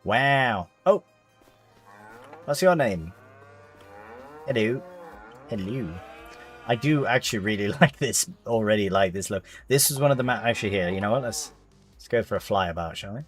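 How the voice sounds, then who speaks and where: Low-voiced chatty game streamer. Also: male voice, animated, moderate pace, long pauses, soft background music. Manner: chatty, reads chat aloud, British slang. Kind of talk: casual live-stream commentary.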